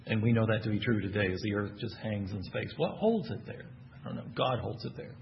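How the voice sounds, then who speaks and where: A man with a Texan accent preaches a sermon in a brisk, lowish voice with vocal fry, repeatedly posing questions to the congregation and answering them himself in animated, emphatic bursts. The audio is dull, with slight background noise.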